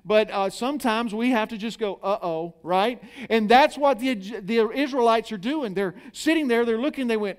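A man's voice: very high-pitched, moderate pace, few pauses, clear, resonant tone. A middle-aged man preaching a sermon, dramatically acting out the people in the story and calling on the congregation to answer back. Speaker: pastor.

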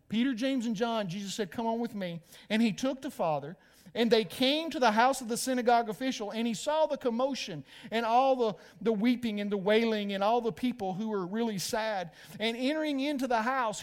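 A man with a high-pitched voice delivers a lively sermon. He quizzes his listeners and answers his own questions. His delivery jumps from forceful, emphatic peaks to quiet, hushed passages. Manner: animated preaching, rising to emphatic peaks and dropping to hushed lines; asks the congregation questions and answers them. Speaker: pastor.

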